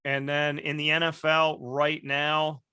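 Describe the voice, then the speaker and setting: Bright, animated male storyteller host. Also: a little high, measured pace, clear, resonant tone, dry recording. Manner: animated storyteller, acts out quoted voices, many restarts. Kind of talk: casual storytelling chat.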